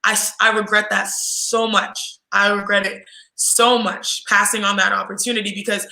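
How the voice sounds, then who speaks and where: Woman, 20s, podcast guest. Lively storyteller who mimics others' voices; very bright tone, roomy sound. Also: medium pitch, normal speed, vocal fry. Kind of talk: casual storytelling.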